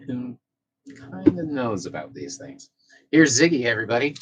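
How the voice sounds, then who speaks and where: A man's voice: medium pitch, wildly swooping pitch, moderate pace, fairly bright tone, dull audio, slight background noise. Profane laid-back man chatting to viewers. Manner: loose, profane, reads chat messages aloud; chats to his cat between comments. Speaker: live streamer. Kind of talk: casual live-stream chat.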